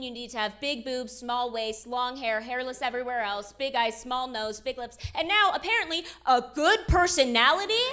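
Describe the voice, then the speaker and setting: High-voiced woman doing stand-up. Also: pushed and bright. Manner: self-deprecating, quick asides to the crowd. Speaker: stand-up comedian. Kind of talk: stand-up comedy set. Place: comedy stage with live audience. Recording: live show with clear background noise.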